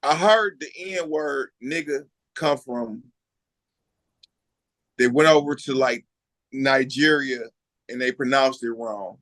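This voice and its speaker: A man hosting a podcast, asking blunt, quick questions in a casual chat. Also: mid-range voice, a bit bright, dry recording. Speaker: podcast host. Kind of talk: casual interview.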